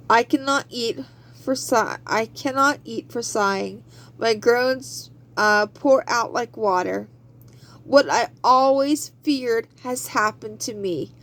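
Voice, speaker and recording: Slow-speaking woman teaching the Bible. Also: on the high side. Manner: preachy, rising to fervent exhortation; conversational with fillers. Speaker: Bible study host.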